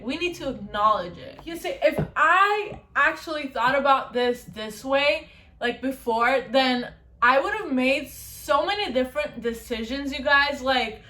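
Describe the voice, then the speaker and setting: A woman's voice: sits high, a bit bright. A young woman vlogger chatting casually to her viewers, often saying "you guys" and "okay". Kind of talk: casual talk to camera.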